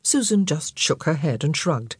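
Low, husky woman narrating. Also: sing-song, no echo, clean studio sound. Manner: measured, storytelling. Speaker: audiobook narrator. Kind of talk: scripted narration.

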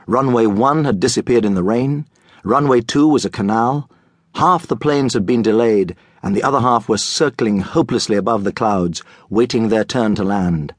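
A man narrating a children's audiobook in a lively, comic storytelling manner. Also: mid-range voice, moderate pace, no echo, studio quality. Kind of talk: scripted children's book narration.

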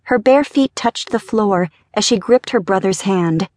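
A woman narrating a young-adult fantasy audiobook in a gentle, measured reading. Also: mid-range voice, no room sound, clean studio sound. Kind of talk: scripted narration.

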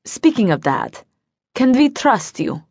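A woman's voice: fairly high pitch, very animated, slow pace, darkish tone, no echo, studio quality, pitched above the performer's own voice, exaggerated voice. A woman voicing an earnest, angry young man in an audiobook, speaking in an urgent, serious manner.

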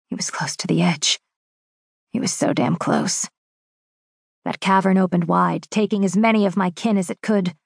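A woman narrates a first-person fantasy romance audiobook with dramatic, measured intensity. Her voice is slow, gravelly and husky. The recording is close and dry. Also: on the low side, a little mellow, dry recording.

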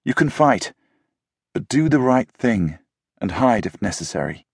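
Man doing young male leader, earnest, protective, urgent, husky, gravelly. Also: medium pitch, big pitch swings, a little slow, no room sound, clean studio sound, full character voice.

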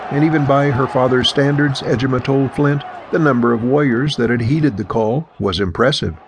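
Gravelly male audiobook narrator. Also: medium pitch, normal speed, background noise. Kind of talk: scripted narration.

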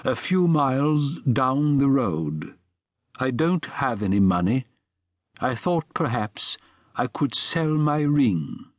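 A hesitant stranger, pitched a little above the performer's own voice, picks each slow word with care, as a male narrator puts him on. The sound is close and dry, with no room around it. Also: very animated, no echo. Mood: nervous. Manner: halting, careful, slow. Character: strange, hesitant man from afar.

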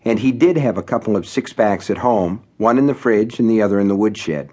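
A man's voice: fairly low pitch, expressive, brisk, hardly any pauses, dark tone, husky. A man narrating his own horror novel for an audiobook. His telling is wry and conversational, dry humor slipping into the prose.

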